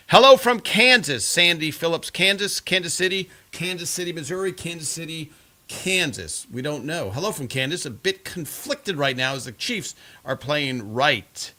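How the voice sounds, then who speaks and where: A man's voice: fairly high pitch, big pitch swings, normal speed, sharp tone. A man hosting a live stream, chatting casually and reading viewer comments in a rambling way full of fillers.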